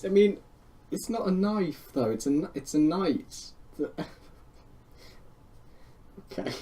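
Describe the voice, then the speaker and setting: A man in casual banter, directing a friend's voice recording and teasing him with quick notes. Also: high voice, lively intonation, dark tone.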